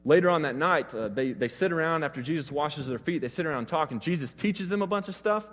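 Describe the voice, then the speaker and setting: A man's voice: fairly high pitch, lively intonation, quick pace, a bit bright, long reverb tail. A man preaching a sermon, retelling scripture in a casual, conversational way.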